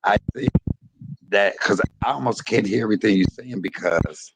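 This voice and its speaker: A man's voice: fairly low pitch, normal speed, vocal fry. A middle-aged man hosting a live stream, speaking in an earnest and repetitive way, often cutting in to ask someone to hold up. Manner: earnest, repeats himself, cuts in with "hold up". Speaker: livestream host. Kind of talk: casual live-stream chat. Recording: noisy online stream audio.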